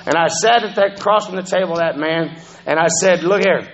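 Speaking fairly fast at a fairly high pitch, this man gives a profane, conversational testimony about his recovery. He keeps checking in with his listeners with "you know what I'm saying," and the audio sounds dull.

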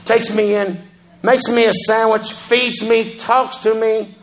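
A man's voice: sits high, little pitch movement, slow pace, rough recording. A man telling his recovery story as a personal testimony, conversational and profane, often checking in with the listeners. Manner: profane, conversational, keeps asking "you know what I'm saying".

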